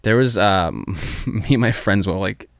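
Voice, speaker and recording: Podcast host, man, low voice, rambling and profane, dry close mic. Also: unhurried, creaky, no echo. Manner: rambling, swears freely, laughs often. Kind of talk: casual chat.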